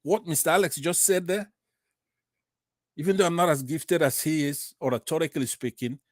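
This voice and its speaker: A Nigerian man calling into a talk broadcast, speaking with rising passion, starting quietly with hesitations and then breaking into loud, indignant bursts. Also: a little high, fairly even intonation, normal speed, dry recording. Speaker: caller on a live online talk broadcast. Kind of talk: impassioned political call-in speech.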